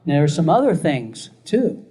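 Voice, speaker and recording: A man's voice: on the high side, sing-song, moderate pace, dark tone, slightly rough. An older man giving a recorded classroom lecture in a conversational way, chuckling often.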